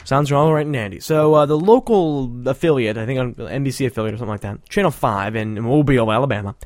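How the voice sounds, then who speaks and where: A man's voice: mid-range voice, quick pace, darkish tone, no echo, studio quality. A man hosting a show, giving casual, sarcastic, rambling commentary with frequent laughter. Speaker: podcast host.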